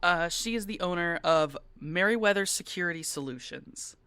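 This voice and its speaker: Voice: medium pitch, moderate pace, pushed and bright, smooth, no room sound. A game master who explains the scene to players in a rambling, conversational way. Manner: rambling, filler-heavy, conversational.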